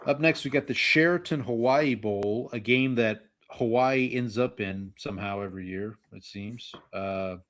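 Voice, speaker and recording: A man co-hosting a relaxed sports podcast, running through college bowl games and betting lines. He talks in a wry, joking way and mocks the sponsor names as he goes. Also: medium pitch, moderate pace, few pauses. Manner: wry, reads bowl matchups and picks. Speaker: podcast co-host. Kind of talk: casual sports betting chat.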